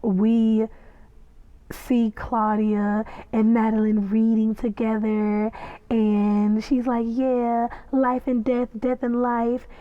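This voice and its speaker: A woman giving a casual, excitable recap and reaction, chatty and acting out the scenes as she tells them. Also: a little high, slow pace, dry recording, narrow, tinny audio. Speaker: podcast reviewer.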